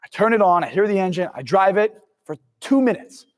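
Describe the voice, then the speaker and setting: A motivational speaker with a notably high voice tells a personal story with lively animation, playing out his own past words. His voice rings with a long reverb, as if he stands in a large hall. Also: a little fast. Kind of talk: storytelling talk.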